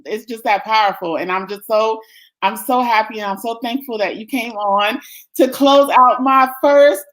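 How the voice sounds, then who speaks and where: Woman livestream host, effusive and thankful, laughs often, slightly high pitch. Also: moderate pace, a bit bright, low-quality recording. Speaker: summit host. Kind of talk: livestream closing remarks.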